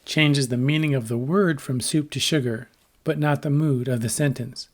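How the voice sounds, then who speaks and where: A man giving a scripted educational narration about language, speaking in a measured, explanatory way and voicing short example sentences. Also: mid-range voice. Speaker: lecturer on translation.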